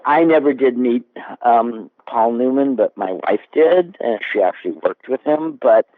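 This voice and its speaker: Give me an older man telling animated stories in an interview, pitch very lively, sound thin like a phone call. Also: unhurried. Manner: animated storyteller. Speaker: guest actor. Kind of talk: casual interview chat. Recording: tinny phone-like line.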